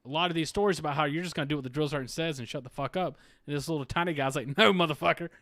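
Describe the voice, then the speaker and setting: A man hosting a casual podcast, telling his own basic-training story in a relaxed way. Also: on the high side, no room sound, studio quality. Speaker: podcast host. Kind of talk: casual chat over beers.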